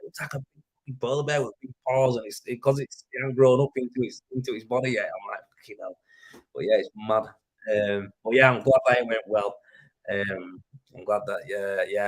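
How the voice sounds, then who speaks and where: A man with a Yorkshire accent and a medium-pitched voice hosts a casual livestream, reading viewer comments into a plugged-in desk mic. He rambles and chats, using fillers and swearing, and the audio is poor.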